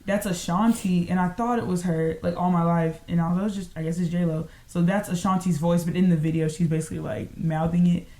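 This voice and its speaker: A woman's voice: lowish voice, steady tone, fairly quick, hardly any pauses, warm tone. A young woman in casual chat, musing and storytelling with lots of "like" and "um". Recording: echoey room.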